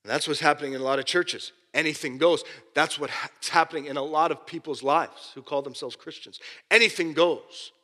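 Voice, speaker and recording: Brief: male preacher, bright high voice, impassioned, loud then hushed, in a reverberant hall. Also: steady tone, fast, few pauses. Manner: impassioned, swinging between loud emphasis and hushed asides. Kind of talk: sermon.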